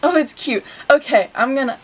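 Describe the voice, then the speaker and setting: A young woman talking excitedly to her camera at home, gasping and often dropping to a whisper. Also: high voice, moderate pace. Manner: excited and breathless, gasps and often whispers to herself. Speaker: vlogger. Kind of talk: casual vlog monologue.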